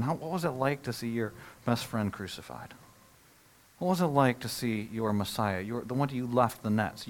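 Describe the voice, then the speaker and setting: A middle-aged male pastor preaching a sermon, animated, acting out the disciples' reactions and dropping to a hush for solemn points. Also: mid-range voice.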